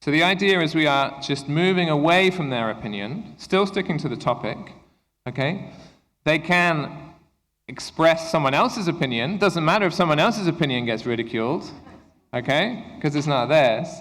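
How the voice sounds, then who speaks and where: A man's voice: fairly high pitch, lively intonation, normal speed, a bit bright. Man presenting a workshop in an echoey hall. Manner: engaging, often checks in with the room by asking "okay?". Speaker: workshop presenter for English teachers. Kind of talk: conference workshop talk. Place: conference lecture room.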